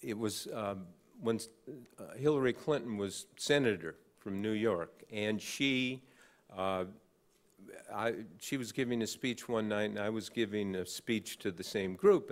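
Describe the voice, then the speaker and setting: A man in his sixties giving an award acceptance speech at a podium, telling an anecdote in a halting way with many uh fillers and dry, wry humor. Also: lowish voice. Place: large banquet hall on stage.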